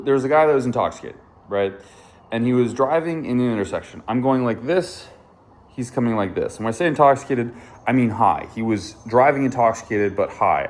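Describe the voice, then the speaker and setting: A man's voice: on the low side, darkish tone. A motorcycle vlogger, a man, casually telling his viewers a story, candid and swearing freely. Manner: candid, swears often, addresses viewers as dude and bro.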